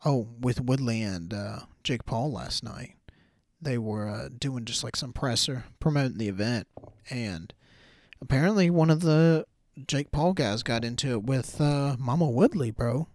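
Young male podcast host, animated, cursing, mid pitch, dead dry mic. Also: unhurried, no room sound. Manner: animated, incredulous, swears freely. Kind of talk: casual combat sports chat.

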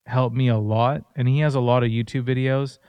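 A man's voice: medium pitch, steady tone, brisk, background noise. A man in his thirties co-hosting a casual faith-based podcast, telling personal stories in an earnest, conversational way. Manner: earnest storytelling. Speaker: podcast co-host.

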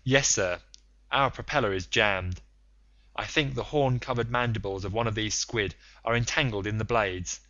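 A man's voice: on the low side, moderate pace, pushed and bright, muffled recording. A man reading the part of a stern, resolute sea captain in a curt, matter-of-fact way, in an audiobook.

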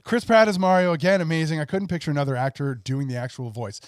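A man's voice: on the high side, fast, dry recording, studio quality. A middle-aged man hosting a podcast in casual chat, enthusiastic and rambling, laughing often. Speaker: podcast host.

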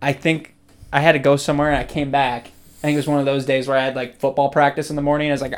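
A young man in casual chat, telling old stories with laughter, swearing and loud acted-out quotes. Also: mid-range voice, level tone, very fast, smooth. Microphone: on camera.

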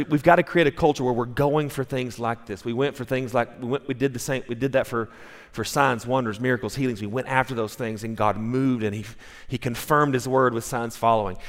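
A male pastor giving a sermon, telling stories in a conversational, animated way, with restarts and acted-out quotes. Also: mid-range voice. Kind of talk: sermon storytelling. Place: church sanctuary. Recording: long reverb in a large hall.

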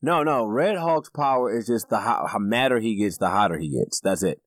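A man co-hosting a casual movie review podcast, talking in an animated way, laughing often and swearing casually. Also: lowish voice, moderate pace, no room sound, studio quality. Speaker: podcast co-host.

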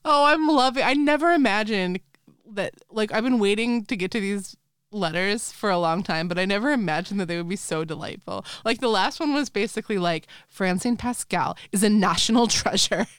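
A woman's voice: medium pitch, expressive, a little fast, clear, resonant tone, dry recording, studio quality. A woman hosting a podcast in casual chat, bubbly and laughing often. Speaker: podcast host.

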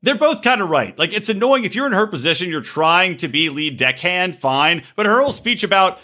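A man's voice: sits high, very animated, fairly quick, bright, forceful tone. A man co-hosting a podcast in casual chat, crude and mocking, cracking jokes. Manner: crude, joking, mocking, does silly voices. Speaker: podcast co-host.

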